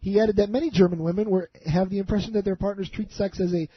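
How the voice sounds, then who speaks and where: A man's voice: sits high, fairly even intonation, fast talker, breathy edge, no echo, highs cut off. A man hosting a radio show, reading odd news items jokily and laughing as he goes. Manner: jokey, laughs while reading.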